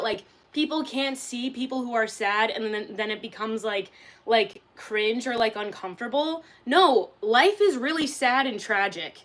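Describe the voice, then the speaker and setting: A woman's voice: fairly high pitch, a little slow, a bit bright. A young woman casually chatting on a livestream, reading out and answering chat, candid, swearing and laughing often.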